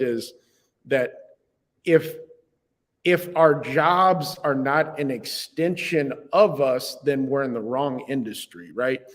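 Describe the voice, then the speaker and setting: A man's voice: mid-range voice, big-room sound. A man guesting on a podcast interview, talking in an earnest, reflective way. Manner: earnest and reflective, speaks from the heart.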